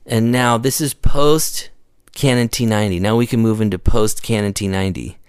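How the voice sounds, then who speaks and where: A man's voice: on the low side, steady tone, normal speed, clean tone, no echo, clean studio sound. Laid-back, rambling male storyteller. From California. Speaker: skate photographer guest. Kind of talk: casual chat.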